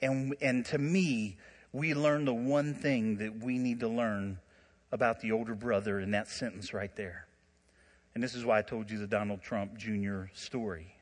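A man preaching a sermon, telling stories in an animated way with frequent laughter and asides. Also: on the low side, moderate pace, in a large hall. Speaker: pastor.

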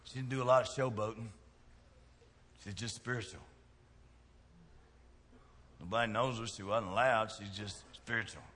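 A middle-aged man, preaching a sermon in a church with folksy jokes and big swings in loudness. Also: lowish voice, fairly even intonation, moderate pace, long pauses, in a large hall. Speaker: pastor. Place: church sanctuary.

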